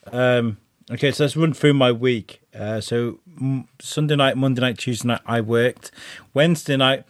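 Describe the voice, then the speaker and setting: A man hosting a podcast, telling rambling, sweary, animated stories. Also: fairly high pitch, dry recording, clean studio sound. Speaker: podcast host. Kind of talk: casual chat.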